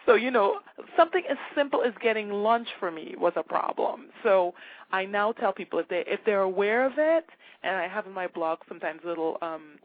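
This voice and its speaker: Woman from Trinidad, animated storyteller, mid-pitched voice, tinny phone line. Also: fairly quick. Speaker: guest. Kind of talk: casual interview talk.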